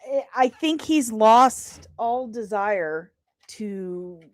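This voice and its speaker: A woman's voice: on the high side, lively intonation, drawn-out words, darkish tone, no echo, studio quality. A young woman hosting a casual live stream, bantering playfully with her chat and laughing in exasperation. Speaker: host of a pop culture live stream.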